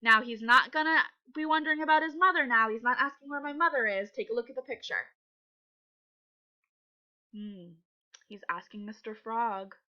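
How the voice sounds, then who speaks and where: A woman's voice: on the high side, normal speed, pauses often, dull audio. A woman teaching young children to read, patient and encouraging as she sounds out letters. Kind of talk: reading lesson for young children.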